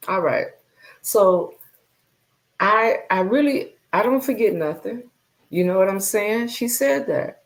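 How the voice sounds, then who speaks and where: Brief: woman live-streaming host, lowish voice, loose and chatty, greets viewers, repeats phrases. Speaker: livestream host. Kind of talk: casual livestream chat.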